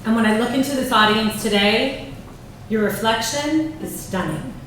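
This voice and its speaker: A woman's voice: a little high, moderate pace, a little hiss or hum. A woman in her forties, a mother giving a proud, prepared speech to her daughter from notes in a large banquet room. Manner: warm, proud, reading from notes. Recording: echoey hall from far off.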